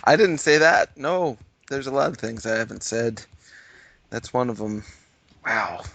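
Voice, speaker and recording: Podcast co-host, man, incredulous, slow lively delivery, bright tone, dry close sound. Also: mid-range voice, no echo. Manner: incredulous, drawn-out reactions. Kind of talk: casual podcast banter.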